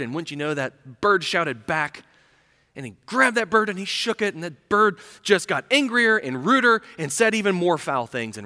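A male pastor preaching a sermon, telling a story earnestly and falling to a hush for emphasis. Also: on the high side. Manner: storytelling, earnest, dropping to a hush on key lines. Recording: reverberant hall.

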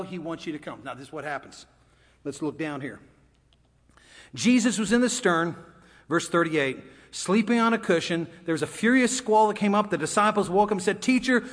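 High-voiced male preacher in echoing hall. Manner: conversational, storytelling with dramatic swings. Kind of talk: sermon. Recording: long hall reverb.

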